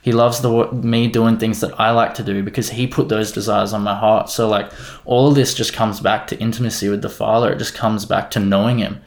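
Young man, earnest testimony chat, low pitch, gravelly. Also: little pitch movement, a little fast. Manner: earnest, rambling, heavy use of "like" and "you know". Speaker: guest sharing faith testimony. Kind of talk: casual faith testimony chat.

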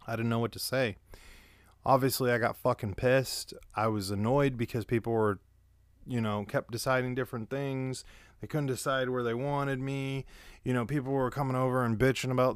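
A man's voice: medium pitch, steady tone, normal speed. A man with a mid-range voice tells rambling stories in a loose, casual way, swearing freely as he goes. The sound is dry, with no room echo. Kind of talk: casual storytelling.

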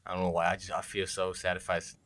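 A man from China practising a dialogue with a learner, translating each line and chatting in a relaxed way. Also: low voice, fast talker, dry recording. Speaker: language partner. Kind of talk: casual language practice.

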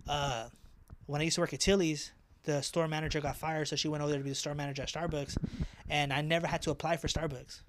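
A young man, a podcast guest, telling animated, slang-heavy stories full of swearing. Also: on the high side, fast talker, a little hiss or hum. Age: young adult. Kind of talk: casual storytelling.

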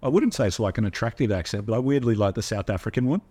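A man's voice: on the low side, lively intonation, racing, warm tone, slightly rough. A man co-hosting a casual podcast, rambling and hesitant with many restarts. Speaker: podcast co-host. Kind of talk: casual banter.

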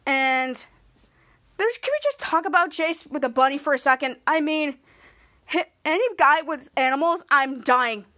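A woman hosting a podcast, recapping a TV episode in a gushing, excitable way. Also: high-pitched, moderate pace. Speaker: podcast host.

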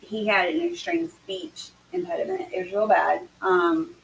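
A woman's voice: medium pitch, unhurried, gravelly. A woman co-hosting a podcast, chatting casually and telling stories with emphatic energy. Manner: emphatic, animated storytelling. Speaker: podcast co-host. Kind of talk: casual chat. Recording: distant mic with faint hiss.

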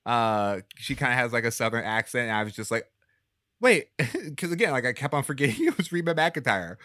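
A man co-hosting a casual movie podcast, animated and quick to laugh and exclaim. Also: mid-range voice, dry recording, studio quality. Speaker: podcast co-host.

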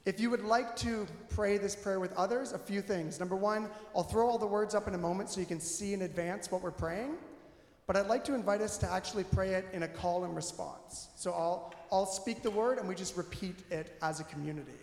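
A man preaching a candid, conversational sermon in a church, animated and self-deprecating. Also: sits high, a little fast. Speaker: pastor. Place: church sanctuary. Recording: echoey hall with long reverb.

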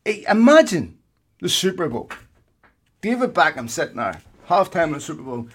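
A man's voice: on the high side, normal speed, husky. Ranting man with a raised voice. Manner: animated, ranting, swears. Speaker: podcast co-host. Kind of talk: heated casual podcast chat.

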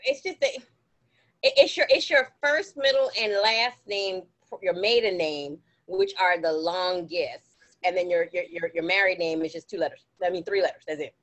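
A woman's voice: lowish voice, normal speed, fairly bright tone. A woman co-hosting a podcast in casual chat, playful and teasing, laughing easily. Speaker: podcast co-host.

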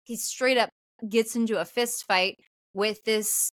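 A woman co-hosting a casual podcast and recapping a film in detail. She is animated, laughs easily and acts out bits of dialogue as she tells the story. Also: on the high side, unhurried, no echo. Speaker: podcast co-host.

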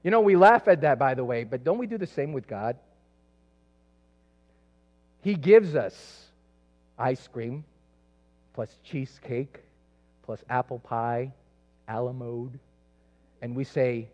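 A man's voice: on the high side, lively intonation, measured pace, pauses often, a little mellow. A man from South America preaching a sermon, telling a personal story in a loose, conversational way with many asides. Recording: echoey hall, dull lo-fi sound.

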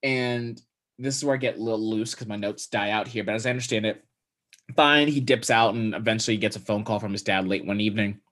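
A man's voice: lowish voice, steady tone, fast, a bit bright. Profane young man recapping a movie. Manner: loose and profane, acts out characters' lines. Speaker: podcast co-host. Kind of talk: casual chat recapping a movie.

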